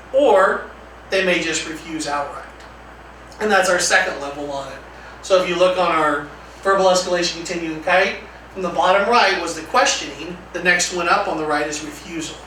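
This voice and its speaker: A man leading a training lecture, talking conversationally and acting out calm example lines. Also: sits high. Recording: echoey room from far off, faint noise.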